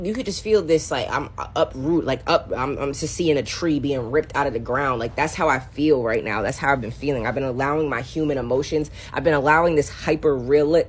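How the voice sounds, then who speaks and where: A woman's voice: a bass voice, breathy edge. A young woman talking in an emotional, rambling confessional vlog, slangy and repetitive. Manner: animated, rambling, slangy, repeats phrases. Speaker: spiritual content creator.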